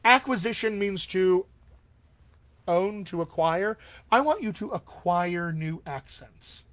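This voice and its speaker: A man's voice: sits high, animated, slow pace, a bit bright. A man working as a dialect coach, answering viewer questions in a live online session in an upbeat, encouraging way and often checking in with his listeners.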